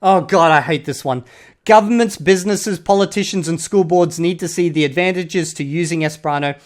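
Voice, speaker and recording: Australian vlogger, mid-pitched, blunt and sweary; punctuates rants with "okay?". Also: a little fast. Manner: blunt and profane, repeatedly drops a prodding "okay?". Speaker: YouTuber critiquing online comments. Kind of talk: casual commentary.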